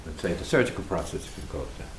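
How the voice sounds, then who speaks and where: A man's voice: extremely low pitch, very animated, rapid-fire, a little hiss or hum. A man, a spiritual teacher, speaking reflectively and rhetorically and often checking in with "see?". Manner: rhetorical, keeps asking "see?". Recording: echoey room.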